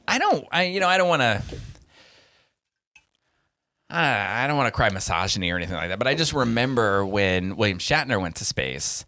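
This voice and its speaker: Bright, chatty male podcast co-host. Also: lowish voice, very animated, no room sound. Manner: chatty, storytelling with quick asides. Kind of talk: casual chat.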